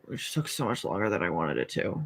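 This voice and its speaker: A woman's voice: a bass voice, sing-song, a little fast, gravelly, husky. A young woman hosting a casual writing livestream, chatting and reading viewer comments aloud. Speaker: livestream host.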